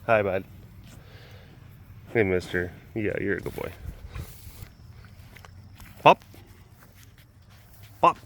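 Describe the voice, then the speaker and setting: Outdoors at a rural animal facility, a male animal keeper vlogger wanders around, joking and chatting to the animals. He has a deep, animated voice and speaks extremely slowly with long pauses, and the audio is a bit bright with slight background noise.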